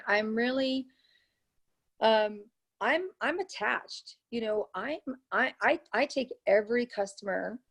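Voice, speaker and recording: Animated woman telling sales stories. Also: mid-range voice, vocal fry. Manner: animated, acts out her own dialogue, repeats phrases for emphasis. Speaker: network marketing leader, guest. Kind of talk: conversational interview storytelling.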